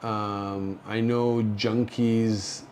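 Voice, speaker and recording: A man from Canada hosting a casual livestream from a hospital room, rambling slowly with many fillers, drowsy and slurring from painkillers. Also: fairly low pitch, flat delivery, a little mellow, a little hiss or hum. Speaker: livestream host. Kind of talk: casual livestream chat reading viewer comments.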